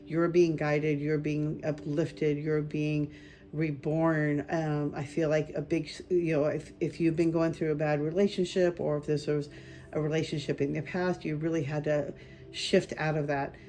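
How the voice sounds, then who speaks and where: A woman's voice: low-pitched, level tone, measured pace, warm tone, slight background noise. A woman doing a group card reading as a spiritual medium, talking casually and rambling with many fillers and restarts.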